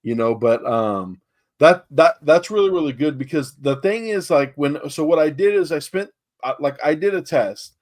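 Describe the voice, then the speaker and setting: A man's voice: fairly high pitch, expressive, normal speed. A man from San Antonio, Texas, telling rambling stories about real estate deals in a casual podcast chat, acting out the dialogue. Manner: rambling storyteller, acts out quoted dialogue, many fillers.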